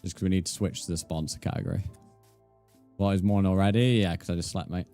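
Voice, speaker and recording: A game streamer with a low, mellow, steady voice chats fast yet laid-back with viewers while playing on a livestream, calling them mate. Soft music plays in the background.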